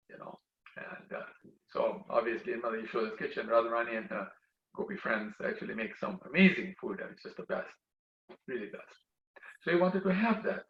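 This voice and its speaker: Gravelly man telling a devotional story. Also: mid-range voice. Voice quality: animated, chatty with frequent fillers. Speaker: devotional speaker. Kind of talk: storytelling religious talk. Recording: roomy, dull recording.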